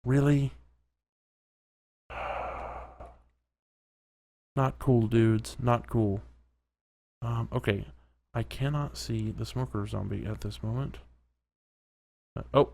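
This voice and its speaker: Male let's-play host, mid-pitched, chatty game commentary with quick reactions and the odd whisper. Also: big pitch swings, gravelly. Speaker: gaming commentator.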